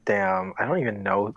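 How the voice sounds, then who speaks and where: A young man chatting as a podcast guest, giggling often and tripping over his words. His intonation swoops up and down in a lively way. The recording is dry and close, with no room sound. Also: fairly low pitch, gravelly, no echo, dull audio. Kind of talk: casual interview chat.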